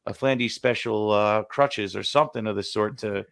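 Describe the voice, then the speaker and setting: A man co-hosting a casual sports podcast, excitable, jokey and rambling. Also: fairly low pitch, moderate pace, vocal fry, dry recording, clean studio sound. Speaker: podcast co-host.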